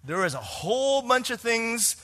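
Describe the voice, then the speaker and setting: Expressive man preaching a sermon. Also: extremely high pitch, moderate pace. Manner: expressive, shifts between hushed and emphatic delivery, asks the congregation questions. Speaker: pastor.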